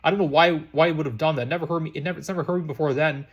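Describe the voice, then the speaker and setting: A man's voice: fairly high pitch, racing, breathy edge, dull audio. A man reading as a hot-tempered young boy. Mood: hesitant. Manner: outraged, insistent. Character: earnest, hot-tempered eleven-year-old boy.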